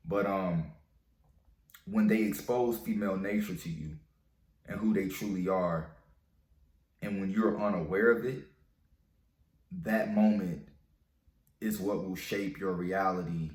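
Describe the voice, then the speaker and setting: Man, very deep voice, slangy, profane, emphatic, echoey room. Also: fairly even intonation, unhurried, pauses often, a little mellow. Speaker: dating advice vlogger. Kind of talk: casual storytelling and advice monologue. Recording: roomy echo.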